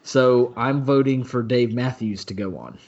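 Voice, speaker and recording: A man with a mid-range voice rambling through his opinion in casual podcast talk, tripping over restarts and dropping casual swears. The audio is dull and low-fidelity. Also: a little slow, a little mellow, a little hiss or hum. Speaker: podcast co-host. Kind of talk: casual chat.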